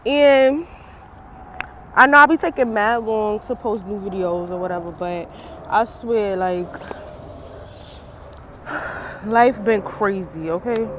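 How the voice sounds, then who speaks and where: A woman's voice: mid-range voice, slow, pauses often, fairly bright tone, slight background noise. A young woman talking to her camera in a casual personal vlog, chatty and loose, laughing often, her eyes swollen from crying, outdoors in the cold. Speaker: vlogger.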